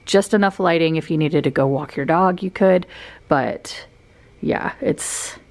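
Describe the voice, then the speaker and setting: Chatty young woman, low gravelly voice. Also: darkish tone. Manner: chatty storytelling, many fillers like "like". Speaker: vlogger. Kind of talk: casual vlog chat. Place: hotel room and outdoor path.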